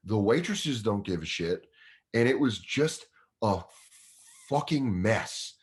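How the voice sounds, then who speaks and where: Low-voiced man telling a profane story. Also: takes it slowly. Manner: profane, animated, acts out other people's voices. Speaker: guest comedian. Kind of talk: casual storytelling.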